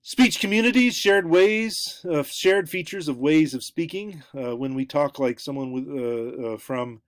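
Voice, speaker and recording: A middle-aged man lectures on anthropology in a dry, close-miked sound. His delivery is halting and full of ums and false starts, and his voice lifts sharply whenever he opens a new point. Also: no echo. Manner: halting, many fillers and restarts; lively, pitch jumps up for new points. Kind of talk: recorded lecture.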